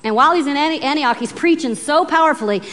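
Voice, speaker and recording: A woman preacher giving a sermon, telling the story in a lively, animated way and acting out the people in it. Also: high-pitched, fast talker, in a large hall.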